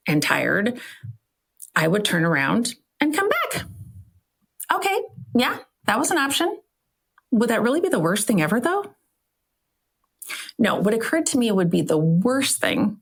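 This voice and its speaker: A woman's voice: on the low side, vocal fry, husky. A middle-aged woman from Iowa hosting a solo podcast, telling a travel story in a chatty, self-questioning way. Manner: chatty, self-questioning, frequent "right?" tags. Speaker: podcast host.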